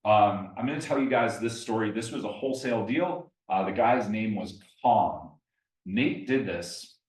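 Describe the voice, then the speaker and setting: At an investor meetup in a meeting room, a man with a fairly low, slightly mellow voice presents live at normal speed, telling stories and directly asking the audience questions. The room is echoey and the mic is at a distance.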